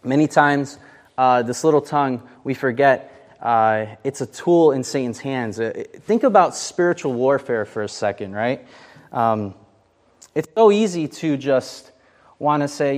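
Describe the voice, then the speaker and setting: A man's voice: medium pitch, expressive, measured pace. A man leading a casual Bible study, chatty and full of fillers, often asking the group questions. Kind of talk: casual interactive Bible teaching.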